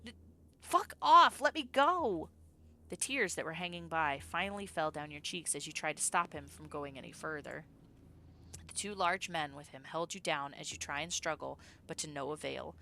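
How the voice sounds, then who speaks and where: A woman streamer reading a story game aloud, breaking off into excitable, swearing reactions. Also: low-pitched, moderate pace, gravelly, slight background noise.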